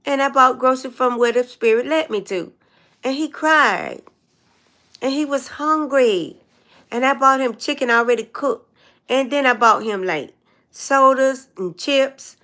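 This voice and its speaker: An older woman with a high-pitched, pushed, bright voice hosts a casual livestream, speaking a little slowly. She greets viewers and spins long, meandering stories.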